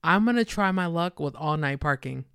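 A woman's voice: low voice, animated, moderate pace, clean tone, dry recording, studio quality. A woman playing a lyrics quiz in casual chat, hesitant and unsure as she guesses. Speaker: quiz contestant.

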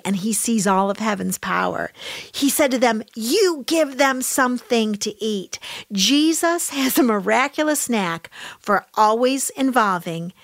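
A woman preaching a sermon in an emphatic way, dropping to soft low asides and rising to raised exclamations. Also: no room sound, studio quality. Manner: addresses listeners as "honey".

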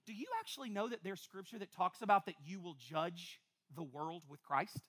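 A woman pastor, preaching a sermon to a congregation in an animated, playful way with quick asides. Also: lowish voice. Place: church before a congregation.

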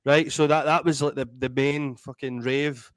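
A Scottish man in his thirties, a DJ and comedian telling animated, sweary stories in a casual interview. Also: mid-range voice, moderate pace, clean tone, no room sound, rough recording. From Scotland. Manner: animated, swears freely, acts out voices in anecdotes. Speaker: guest DJ and comedian.

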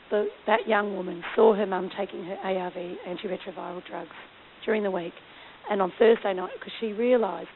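A woman speaking at a mission conference, telling lively, self-deprecating stories. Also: medium pitch. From Australia. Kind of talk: storytelling talk. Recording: tinny phone-like lo-fi recording with faint hiss.

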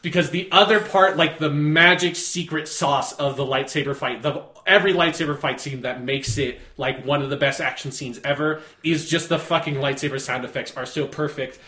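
A man's voice: on the high side, moderate pace, hardly any pauses, sharp tone. A man co-hosting a podcast, chatting casually about films, rambling with lots of fillers and casual swearing. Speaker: podcast co-host. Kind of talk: casual film discussion. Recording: roomy echo.

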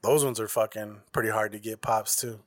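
A man's voice: fairly low pitch, steady tone, brisk, no room sound, clean studio sound. A man hosting a podcast in casual chat, rambling and swearing in loose slang. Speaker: podcast host.

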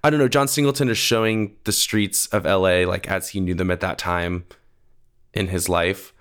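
A man's voice: sits low, steady tone, moderate pace, a bit bright, smooth. A young man co-hosting a film podcast, talking casually in a rambling way full of "like" and "um". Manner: rambling, full of "like" and "um", laughs easily. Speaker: podcast co-host.

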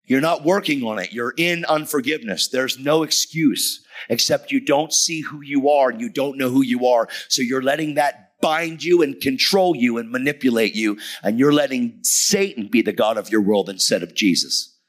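Preaching as a guest speaker, a man in his fifties tells a personal story with emphasis and plays out the dialogue. He speaks at a moderate pace in a medium pitch, barely pausing.

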